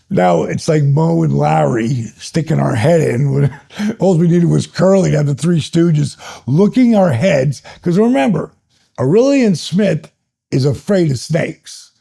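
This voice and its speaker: An older man in his sixties with a heavily gravelly, husky voice, guesting on an interview. He tells his stories with animated energy and keeps building them up. His tone sits dark and mellow, a little above the usual pitch for a man. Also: unhurried. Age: 60s. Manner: animated, builds stories up excitedly, laughs between phrases. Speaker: guest, retired pro wrestler. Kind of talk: storytelling in an interview.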